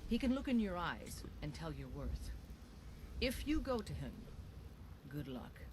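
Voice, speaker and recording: A man voicing a gruff male warrior in a video game, speaking plainly and bluntly. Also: on the high side, big pitch swings, unhurried, background noise.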